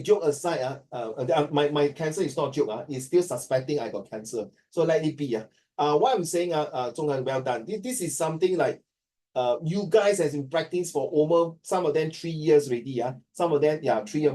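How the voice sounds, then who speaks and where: A Singaporean man teaching a class, his voice a little high and soft-edged. He jokes as he goes and slips between English and Chinese. He sounds a bit distant from the microphone. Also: brisk. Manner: joking, mixing English and Chinese.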